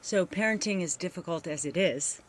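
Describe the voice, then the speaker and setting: A man's voice: high-pitched, moderate pace, slight background noise. A man hosting a TV interview, summing up the guest's point in an affirming way. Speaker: TV show host.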